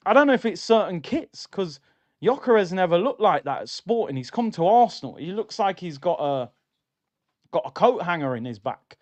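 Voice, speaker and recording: A man hosts a live football watchalong, chatty and opinionated as he reads out viewer comments. His voice sits a little high. The recording is dry, with no room sound. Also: big pitch swings, moderate pace, no room sound. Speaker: livestream host.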